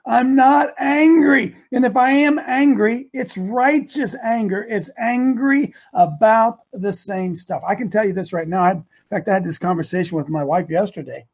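Older guy radio host, high husky voice, preachy, gets loud and shouty. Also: normal speed, few pauses. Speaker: radio talk show host. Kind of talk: impassioned radio talk.

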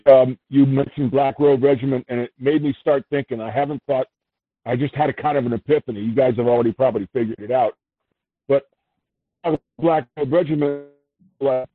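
A man's voice: medium pitch, no echo. Male caller, hesitant and musing, dry tinny phone line. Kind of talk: call-in comment.

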